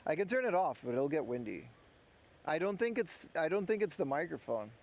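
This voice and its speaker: A man's voice: fairly high pitch, big pitch swings, fairly quick, gravelly, darkish tone. A man from the Netherlands, hosting an IRL livestream outdoors by the ocean and chatting to viewers while fixing his clip-on mic. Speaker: livestream host. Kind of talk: casual IRL livestream talk. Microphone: clip mic on his hat. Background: wind.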